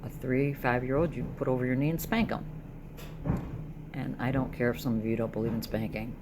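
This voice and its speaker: A woman's voice: rumbling low, steady tone, brisk. A middle-aged woman recording a personal video diary, talking through her worries in a distressed way. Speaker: vlogger. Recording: noisy background.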